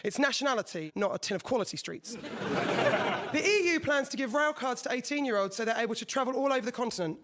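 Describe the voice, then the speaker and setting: A woman's voice: fairly high pitch, expressive, a little fast, a crowd in the background. A woman in her thirties from England doing a chatty, self-deprecating stand-up routine on radio. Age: 30s. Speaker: stand-up comedian.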